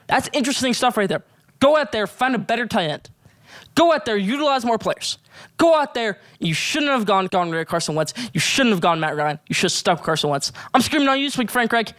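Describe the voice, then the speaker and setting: A man's voice: high-pitched, fairly bright tone. Fired-up young-sounding male sports host. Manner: fired-up, emphatic ranting. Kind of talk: solo sports rant.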